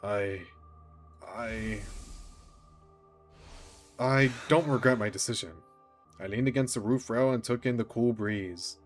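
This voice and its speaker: A man streaming a visual novel, reading every character's lines aloud and breaking off into excited asides. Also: medium pitch, slow pace, long pauses. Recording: faint music behind.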